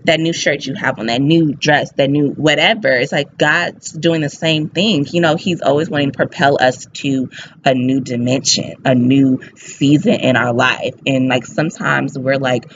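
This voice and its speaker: An excited woman talks through a scripture passage in a casual devotional vlog. She talks in a quick, lively way and her pitch jumps around. The recording is slightly dull, with a faint hiss. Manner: excited, fast-talking, lively. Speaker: faith vlogger.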